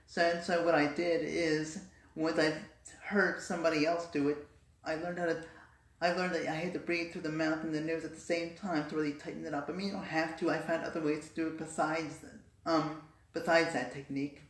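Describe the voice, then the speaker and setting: A woman's voice: deep voice, little pitch movement, a little fast. A woman in a casual vlog, explaining and demonstrating voice techniques. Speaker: vlogger. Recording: roomy echo.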